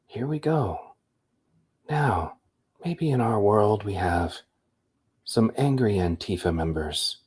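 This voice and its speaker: A man doing a hushed painting-show host. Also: lowish voice, expressive, breathy edge, heavily acted. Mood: soothing. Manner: hushed, slow, soothing. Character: gentle soft-spoken male TV painting instructor.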